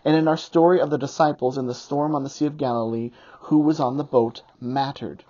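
A pastor delivers a sermon, reading scripture in an unhurried preaching cadence. The voice is mellow and somewhat husky. The recording is muffled and lo-fi. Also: medium pitch, fairly even intonation. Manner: reads scripture aloud in a measured preaching cadence.

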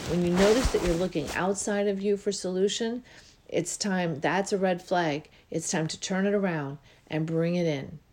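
A woman hosting a spiritual self-help show, talking earnestly and reflectively with drawn-out pauses. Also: on the low side, darkish tone, slight background noise. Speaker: host and life coach.

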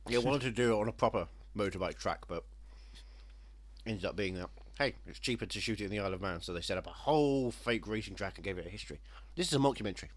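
Man, low voice, husky, bright, lively, sardonic casual podcast chat. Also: fast talker. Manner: sardonic, teasing, talks while chewing. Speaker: podcast co-host. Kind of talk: casual chat about films.

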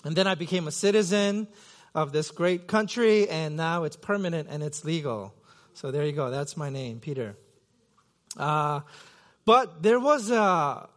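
A middle-aged man from Korea preaching a sermon as pastor, in a conversational, self-deprecating way with many fillers and restarts. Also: fairly high pitch. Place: church sanctuary.

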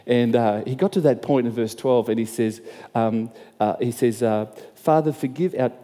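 A man's voice: medium pitch, normal speed, mellow, long reverb tail. A man preaching a sermon as pastor, conversational, repeating and restarting phrases and asking the crowd questions.

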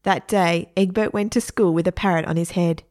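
A woman reading a children's story aloud in a lively, playful way. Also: lowish voice, moderate pace.

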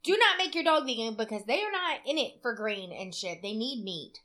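A woman's voice: a little high, lively intonation, a little fast, sharp tone. A woman co-hosting a podcast in casual chat, opinionated and swearing freely. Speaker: podcast co-host.

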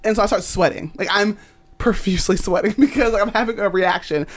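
A woman's voice: medium pitch, fairly quick, slight background noise. A young adult woman, a podcast guest, telling a story in casual chat, laughing often and acting out the voices of people she quotes.

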